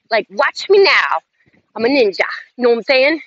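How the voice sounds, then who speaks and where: Woman, motivational host, high voice, slow deliberate delivery, dull lo-fi audio. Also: expressive, creaky, pushed and bright, no room sound. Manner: emphatic, chant-like affirmations, slow and drawn out. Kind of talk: motivational self-help talk. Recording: slightly dull lo-fi audio, faint noise.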